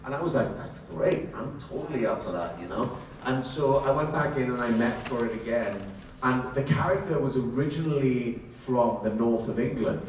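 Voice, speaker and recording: A man telling animated, chatty stories at a convention Q&A panel, often laughing as he talks. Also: mid-range voice, moderate pace. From Wales. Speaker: actor, panel guest. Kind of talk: convention Q&A storytelling. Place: large convention hall. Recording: very echoey hall, distant, faint noise.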